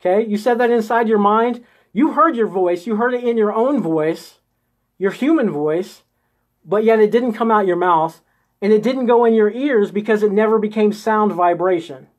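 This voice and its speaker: A man's voice: sits high, moderate pace. Man coaxing viewers through an inner exercise. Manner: coaxing, checks in constantly with "okay?" and "right?"; guides listeners step by step through an inner exercise. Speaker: host of a live group session. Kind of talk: live-streamed spiritual coaching.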